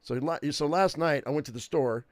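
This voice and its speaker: A man's voice: on the high side, a little fast, no echo. A man in his fifties, a game streamer telling a rambling personal story in casual chat. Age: 50s. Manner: rambling, chatty anecdote-teller.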